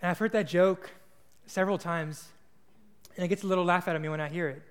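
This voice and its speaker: A young man gives a sermon in a loose, earnest storytelling manner, now and then restarting a word. His voice sits high for a man. The sound rings with the long reverb of a large hall. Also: fairly even intonation, quick pace, clean tone. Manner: casual, earnest, with small restarts. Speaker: preacher.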